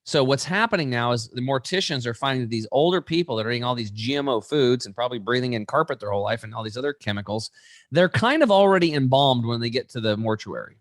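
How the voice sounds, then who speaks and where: A man's voice: mid-range voice, quick pace, no room sound, clean studio sound. A man, an interview guest, explaining with energy, acting out quoted people and often restarting his sentences. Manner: animated storyteller, acts out quoted voices, many restarts.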